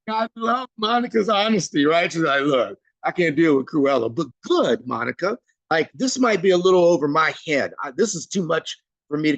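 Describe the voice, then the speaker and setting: A man's voice: high-pitched, vocal fry, a bit bright, dry recording, low-quality recording. A man leading an online training session, reading out participants' answers and praising each one by name in a chatty, informal way. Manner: chatty and informal, frequent fillers. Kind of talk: live online training, reading chat replies aloud.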